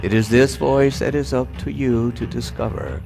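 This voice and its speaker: A man giving a solemn spiritual talk, with deliberate phrasing and long pauses. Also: mid-range voice, gravelly, over music. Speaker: spiritual teacher.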